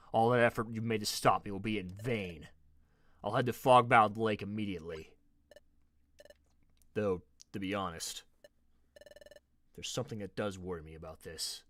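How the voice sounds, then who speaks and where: A man voicing a serious young male lizard hero in a low, brooding monologue while playing a game. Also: fairly bright tone, no room sound. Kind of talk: let's play voice acting.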